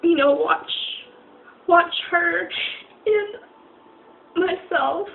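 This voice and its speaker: A young woman telling a personal story on a vlog, halting and often near tears, with many fillers and restarts. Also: extremely high pitch, vocal fry. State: crying at times. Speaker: vlogger. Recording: tinny phone-like recording with faint noise.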